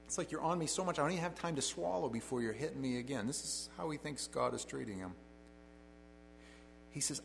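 Middle-aged male preacher, gravelly voice, faint background noise, wry conversational Bible teacher. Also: on the high side, lively intonation, brisk, long reverb tail, rough recording. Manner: wry, sarcastic asides to the audience.

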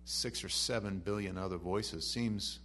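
A man preaching a sermon. He reads scripture softly and then rises to animated emphasis. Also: low voice, a little slow, slight background noise.

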